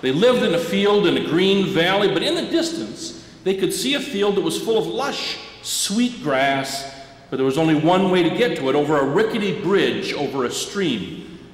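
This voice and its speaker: A man preaching a sermon as a pastor, telling a children's story in an animated way and drawing the congregation in. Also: high voice, moderate pace. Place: church sanctuary. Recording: echoey church sanctuary.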